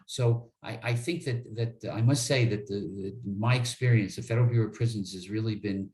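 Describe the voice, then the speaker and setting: A man's voice: fairly low pitch, fairly quick, darkish tone, roomy sound. A man, an attorney being interviewed, telling stories in an earnest way and often repeating words as he starts a sentence. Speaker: attorney guest. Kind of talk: interview storytelling.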